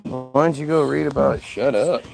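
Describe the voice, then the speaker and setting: A man's voice: medium pitch, normal speed, vocal fry, over music, rough recording. A man hosting a livestream, talking casually in a sarcastic, mocking, profane way. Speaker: livestream host reading chat.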